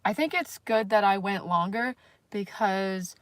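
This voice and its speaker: A woman's voice: mid-range voice, expressive, a little slow, no room sound. A woman vlogger talking casually on a livestream, rambling and self-conscious, with lots of fillers and the odd swear word.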